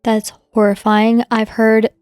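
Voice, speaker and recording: A woman's voice: a little high, completely flat delivery, unhurried, darkish tone, clean tone, dry recording. A woman co-hosting a casual ghost podcast, joking with playful asides and laughing easily. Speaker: podcast co-host. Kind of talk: casual chat.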